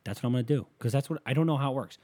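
A man's voice: medium pitch, rapid-fire, warm tone. A man hosting a solo podcast, ranting in a rambling, profane way, with a slight lisp on his s sounds. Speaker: podcast host.

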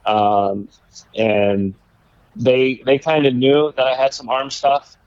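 A man, a former baseball pitcher, casually telling a rambling story in conversation, laughing now and then. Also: flat delivery, slow, darkish tone, clear, resonant tone, no echo, dull audio. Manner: laid-back, rambling, laughs while telling stories.

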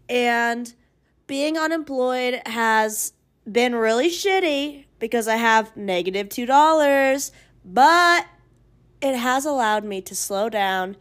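A woman in her twenties hosting a casual solo podcast, rambling freely with plenty of swearing and playfully sing-song, oddly stressed words. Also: fairly high pitch. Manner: chatty and rambling, with frequent swearing. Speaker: podcast host.

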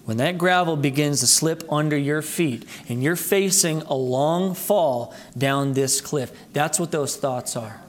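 In a church sanctuary, a pastor preaches a sermon and earnestly addresses his listeners as brethren. His voice climbs high and loud for emphasis, then drops low and quiet, and he speaks unhurriedly with few pauses.

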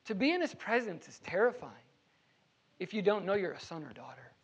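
A man's voice: high-pitched, very animated, brisk, husky, muffled recording. Earnest male pastor preaching conversationally. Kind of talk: sermon. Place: church.

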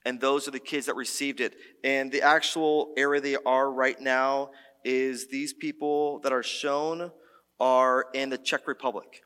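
A man preaches to his church in a loose, conversational way, stumbling and restarting as he tells stories. His voice sits at an ordinary mid pitch. The sanctuary leaves a long reverb tail on every phrase. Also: a little slow, clear, resonant tone. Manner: conversational, animated storytelling with many restarts. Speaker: pastor. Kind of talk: sermon.

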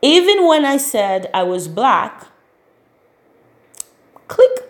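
A woman's voice: high voice, very animated, extremely slow. A woman with a noticeable foreign accent, talking earnestly as a podcast host and asking rhetorical questions. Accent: non-American, accent remarked on. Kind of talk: casual commentary monologue.

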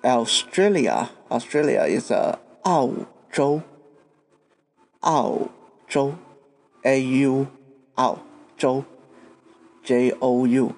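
Slow-paced man teaching words. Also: medium pitch, darkish tone. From Taiwan. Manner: spells words letter by letter, patient. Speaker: podcast host. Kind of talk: language lesson.

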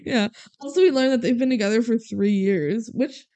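A young woman co-hosting a podcast, retelling a movie quickly with laughs and mock quotes. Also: fairly high pitch, mellow. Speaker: podcast co-host. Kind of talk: casual chat recapping a movie.

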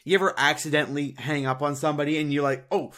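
A young man co-hosting a podcast in casual chat, animated, laughing often and doing mocking impressions. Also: on the high side, fast talker. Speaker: podcast co-host.

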